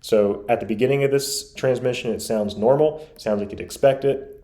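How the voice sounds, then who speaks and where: A man's voice: medium pitch, normal speed, dark tone. A man reviewing radio gear, giving an analytical, emphatic explanation as host. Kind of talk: explanatory commentary.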